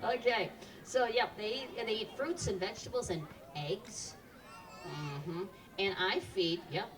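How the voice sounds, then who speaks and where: Lady doing a kids animal show in a park, upbeat, lotsa questions, mic kinda far off, crowd of kids around. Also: medium pitch. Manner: upbeat, quizzing the audience with questions. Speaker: animal show presenter for children. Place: outdoor park show with children.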